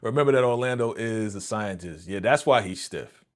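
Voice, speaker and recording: A man's voice: on the low side, animated, moderate pace. A man hosting a live reaction stream, chatting casually in slang and laughing often. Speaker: streamer host.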